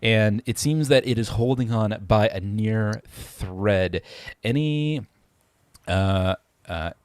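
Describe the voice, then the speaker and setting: Low-voiced man running a tabletop game. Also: takes it slowly, clean tone, dry recording. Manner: hesitant, many fillers and restarts. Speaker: game master.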